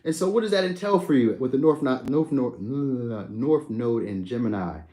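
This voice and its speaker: A young adult man hosting a live stream, chatting casually and answering viewers' comments by name in a relaxed, slangy way. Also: mid-range voice, moderate pace. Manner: laid-back, slangy, talks to viewers by name.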